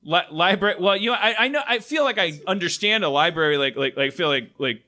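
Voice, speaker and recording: Male comedy podcast host, rambling and profane, bright-toned. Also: high-pitched, expressive, fast talker. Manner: rambling, many restarts, profane. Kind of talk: live comedy podcast riffing.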